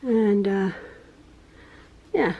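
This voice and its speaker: A middle-aged woman who hosts a quilting channel, chatting casually and rambling through her home with soft sighs and laughs. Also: medium pitch, extremely slow, creaky, husky, highs cut off. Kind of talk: casual vlog chat. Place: home, indoors.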